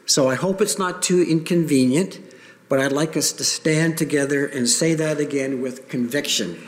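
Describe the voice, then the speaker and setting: Male pastor, slightly higher voice, emphatic sermon delivery, long church-hall reverb. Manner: earnest, emphatic preaching with pauses. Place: church sanctuary.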